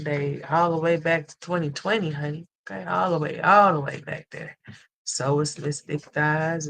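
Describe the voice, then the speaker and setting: Chatting casually and directly with the stream's chat, this host has an ordinary mid-pitch voice with a fairly bright tone. The talk flips between blunt profanity and sweet, emotional affection, with viewers called honey and sweetheart.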